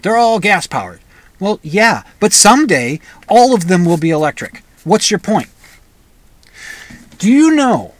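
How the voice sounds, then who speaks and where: A man hosting a podcast, talking in a rambling, opinionated monologue with frequent restarts. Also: high-pitched. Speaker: podcast host. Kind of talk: casual monologue.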